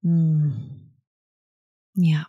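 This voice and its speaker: A woman guest on a podcast, speaking in a soft, slow, heartfelt way with long pauses. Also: deep voice, level tone, slightly rough, dry recording, dull audio. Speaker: guest, motherhood facilitator. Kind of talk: slow reflective conversation.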